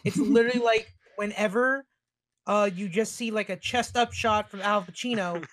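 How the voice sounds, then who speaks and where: Guy with a high voice on a podcast, rambling, lots of likes and uhs. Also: moderate pace, fairly bright tone. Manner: rambling, filler-heavy storytelling. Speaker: podcast guest. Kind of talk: casual podcast chat.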